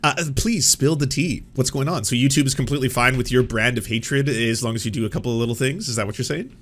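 Brief: mocking male reaction host with a quick, profane delivery. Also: mid-range voice. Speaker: commentary show host. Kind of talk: reaction commentary.

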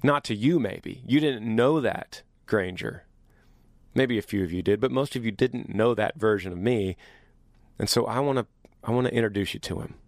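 A man hosting a casual monologue to his viewers, animated and joking, teasing as he talks. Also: lowish voice, moderate pace, no echo, clean studio sound. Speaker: host.

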